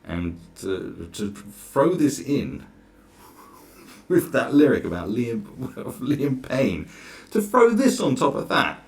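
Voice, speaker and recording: A man's voice: mid-range voice, sing-song, takes it slowly, vocal fry. A man ranting sarcastically through a reaction commentary, exasperated and swearing freely. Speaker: commentary vlogger.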